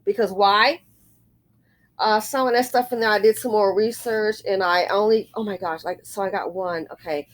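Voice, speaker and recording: A woman vlogger telling a rambling, excitable story in a casual monologue, full of exclamations. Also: mid-range voice, normal speed.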